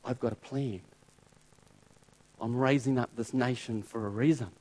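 A man voicing God in a sermon, speaking in a calm, quiet and unhurried way as a resolute deity. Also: natural voice. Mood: calm resolve. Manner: quiet, slow and unhurried, deliberately lowered.

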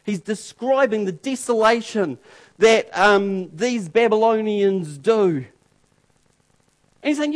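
A man preaching a sermon, emphatic and dramatic, repeating phrases for force and swinging between loud and hushed. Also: high-pitched, lively intonation, slow.

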